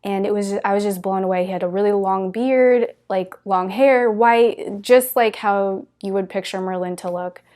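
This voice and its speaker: A woman's voice: mid-range voice, normal speed, few pauses, mellow. A woman giving a spiritual talk to her viewers, telling it in an earnest, gushing way with many "like" fillers. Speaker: spiritual teacher.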